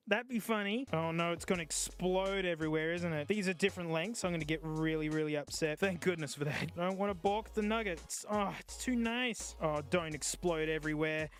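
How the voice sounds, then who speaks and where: A man's voice: high voice, fairly quick, few pauses, a bit bright. A man doing casual, jokey live-stream gaming commentary, yelping and groaning at the game as he plays.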